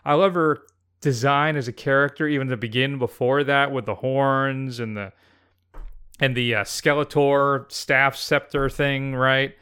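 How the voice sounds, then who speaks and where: A man co-hosting a podcast, talking about favorite film characters in a relaxed, opinionated, dry way. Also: medium pitch, measured pace, clear, resonant tone. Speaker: podcast co-host. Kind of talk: casual film chat.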